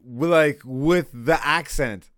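A man's voice: fairly high pitch, slow, fairly bright tone, clear, resonant tone, no room sound, clean studio sound. A man in his thirties hosting a podcast in casual, joking chat, swearing often. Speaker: podcast host.

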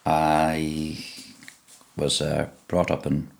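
Very slowly and with a gravelly edge, a middle-aged Donegal musician recounts stories in a broad local Irish accent and a very deep, low register. The interview feels conversational, his telling relaxed and rambling, often tripping over and repeating words before starting again.

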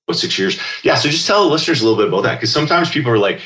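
A man's voice: medium pitch, very animated, racing, few pauses, pushed and bright. A man hosting an interview podcast, asking eager, rambling questions full of fillers. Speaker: podcast host. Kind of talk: casual interview talk.

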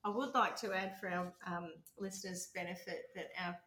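A woman's voice: on the low side, fairly even intonation, normal speed, pushed and bright, echoey room. A woman co-hosting a casual true crime podcast, teasing and bantering. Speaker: podcast co-host.

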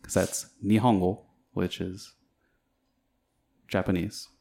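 A man's voice: low voice, little pitch movement, slow pace, vocal fry, warm tone. A man co-hosting a casual podcast chat, talking in a laid-back, hesitant way and laughing often. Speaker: podcast co-host.

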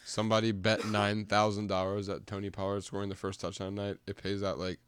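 Young male co-host, relaxed, swears freely, slightly low pitch. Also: fairly quick, slight background noise. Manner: laid-back, swearing, acts out quotes of others. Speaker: podcast co-host. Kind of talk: casual chat while watching football.

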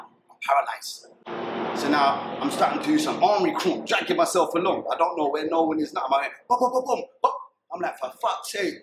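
A man's voice: a little high, a little hiss or hum. Young London man, echoey vivid retelling. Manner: vivid retelling, acts out shouts and gunshot sounds. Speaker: interviewee. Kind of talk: animated storytelling.

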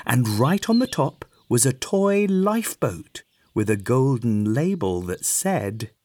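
A man reading a children's bedtime story aloud in an expressive, sing-song way. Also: mid-range voice, slow, slight background noise. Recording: soft music underneath.

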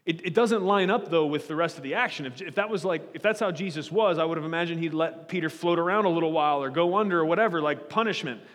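A man preaches to a congregation in an earnest, pleading way, stumbling over and repeating words as he presses his point. His voice sits a little high for a man. Long reverb trails off each phrase, as in a church hall. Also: fast, few pauses, fairly bright tone. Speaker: pastor. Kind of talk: sermon.

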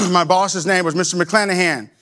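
A man's voice: sits high, steady tone, normal speed, pushed and bright. A man from Arkansas, telling a personal story in a rambling way with many restarts. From Arkansas, USA. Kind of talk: personal anecdote.

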